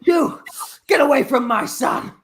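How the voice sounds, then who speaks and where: A man voicing a frantic, careless mother who shouts for her toddler son in an improvised comedy scene. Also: very high-pitched, lively intonation, measured pace, vocal fry, heavily acted. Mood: defensive.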